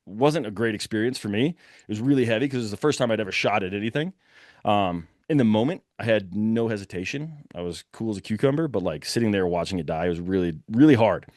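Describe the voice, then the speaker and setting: A young man telling a hunting story in a lively, casual way, acting out the shouts of the people in it. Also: lowish voice, quick pace, dry recording, clean studio sound. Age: young adult. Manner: animated, breathless retelling with quoted shouts.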